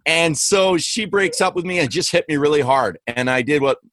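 A man from Western Canada, a guest author telling lively, slangy stories in a casual interview. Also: on the high side, moderate pace, dry recording. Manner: animated, slangy, says "bro" and "man". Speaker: guest, author and former comedian.

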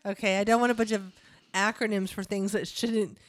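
A woman's voice: medium pitch, little pitch movement, a little fast, no echo. A middle-aged woman co-hosting a podcast in casual chat, teasing and joking with slang. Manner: teasing, playful, jokey slang and puns. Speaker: podcast co-host.

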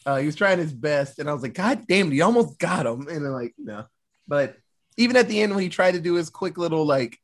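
A man co-hosting a casual film podcast, swearing and mocking characters with quick voices. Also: fairly high pitch. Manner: animated, profane, mocks characters with voices. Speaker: podcast co-host.

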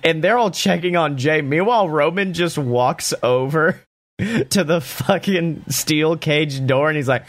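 A young man casually recapping a wrestling show, talking excitedly and swearing a lot. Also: a little slow, no room sound. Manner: excited, profane, acts out quotes in raised pitch.

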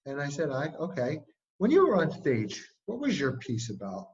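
This speaking coach, appearing as a casual interview guest, has a mid-range voice at a moderate pace, with the highs cut off in the audio. He tells stories with plenty of energy and leans on "like" as filler.

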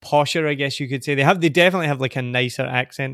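A man in his thirties from Glasgow with a soft Scottish accent, chatting as a guest on a podcast. He talks in an upbeat way, laughs often and repeats words as he starts sentences. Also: medium pitch, fairly even intonation, fast, hardly any pauses, dry recording, studio quality. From Scotland. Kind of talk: casual interview chat.

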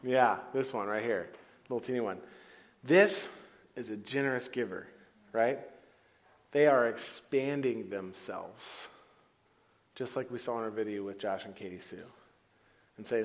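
A man preaching a sermon as pastor in a church, playful and animated, acting out the voices he quotes. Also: medium pitch, normal speed. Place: church hall before a congregation.

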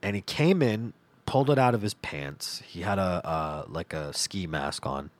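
Male podcast host, comedic storytelling, profane, lively pitch, dry close mic. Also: a little slow, no room sound. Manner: animated, profane, laughs through his story.

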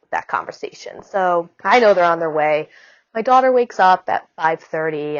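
A woman in her thirties casually recounting giving birth, chatty and quick, full of "like" asides. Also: mid-range voice, dry recording, dull audio. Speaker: mother telling her birth story. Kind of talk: casual storytelling.

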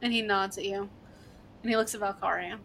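A woman's voice: medium pitch, steady tone, brisk, a bit bright, slight background noise. A woman narrating a tabletop game as game master, rambling loosely with lots of filler words.

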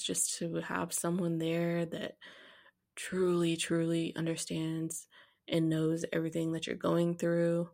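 A woman's voice: lowish voice, gravelly, darkish tone. A young woman, a podcast host telling her own story candidly and bluntly, laughing now and then. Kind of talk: personal storytelling.

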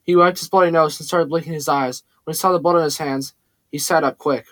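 A man narrating a first-person audiobook in a plain, steady storytelling manner. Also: a little high, brisk, dry recording.

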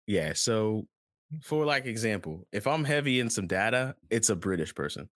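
A man's voice: on the low side, big pitch swings, moderate pace, a bit bright, no room sound. A man hosting a podcast in casual chat, rambling and playful as he jumps between topics. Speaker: podcast host.

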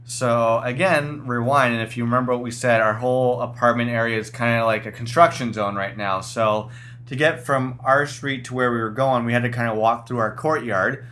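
A man of ordinary pitch chats casually as a co-host. He tells his stories with animation and keeps breaking into laughter as he goes. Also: moderate pace. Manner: animated storytelling, often laughing. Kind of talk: casual chat.

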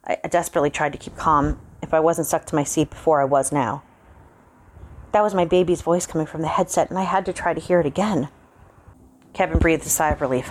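Low-voiced woman reading a horror story. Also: quick pace, slight background noise. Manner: calm first-person narration.

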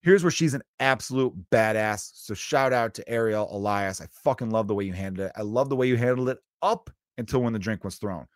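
A man's voice: on the low side, a little fast, few pauses, dry recording, studio quality. A young man hosting a solo podcast, talking casually and bluntly, with plenty of swearing as he tells a story. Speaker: podcast host.

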